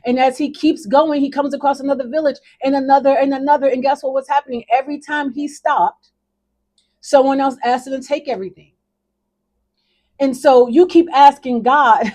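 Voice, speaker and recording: A woman's voice: high-pitched, a little mellow. A middle-aged woman life coach telling a faith parable in an emphatic, conversational, preachy manner. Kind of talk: motivational talk with a faith parable.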